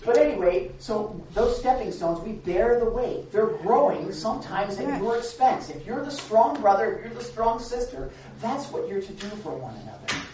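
Recorded from afar in a church hall, this echoey, dull recording captures a woman preacher delivering a candid, conversational sermon full of restarts. Her mid-range voice is very animated, at a moderate pace with hardly any pauses, and a crowd can be heard in the background.

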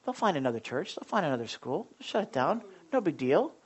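A man voicing a coaxing male tempter spirit in a sermon, speaking in a low, quiet murmur. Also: very animated, fairly quick, husky.

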